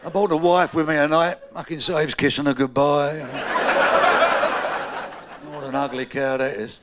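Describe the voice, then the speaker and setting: A man with a London Cockney accent doing a bawdy live stand-up routine, with a gravelly voice and punchy, brash delivery. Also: fairly high pitch, level tone, normal speed. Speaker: stand-up comedian. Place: comedy club stage. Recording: live club recording with crowd. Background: audience murmur and laughter.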